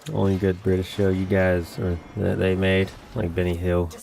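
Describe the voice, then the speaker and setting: A man's voice: deep voice, little pitch movement, moderate pace, gravelly, a little mellow, slight background noise. An American man hosting a casual podcast, rambling and joking with a lot of laughs. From United States. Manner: jokey, rambling, laughs often. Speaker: podcast host.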